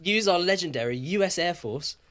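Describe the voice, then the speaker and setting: A man's voice: sits high, a little fast. Man telling history like a story. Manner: lively, jokey, swears, laughs often. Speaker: podcast co-host.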